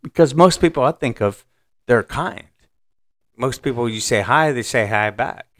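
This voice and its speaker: Easygoing man telling stories, lively pitch. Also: normal speed. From Northeastern US. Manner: easygoing, tells personal anecdotes. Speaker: podcast co-host. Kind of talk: casual chat.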